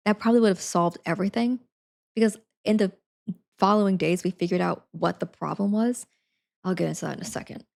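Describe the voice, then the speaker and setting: A woman's voice: mid-range voice, warm tone. A young woman streamer telling a story in casual chat, full of fillers, acting out what people said. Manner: chatty, many fillers, acts out quotes.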